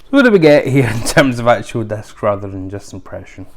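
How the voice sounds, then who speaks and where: A man's voice: on the low side, big pitch swings, brisk. A man hosting a casual unboxing review, chatty and rambling with lots of fillers. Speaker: video host.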